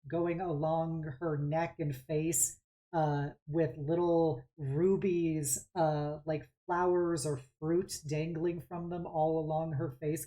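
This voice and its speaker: A woman's voice: low-pitched, warm tone. A woman narrating as game master of a tabletop game, describing scenes in a rambling way with many fillers.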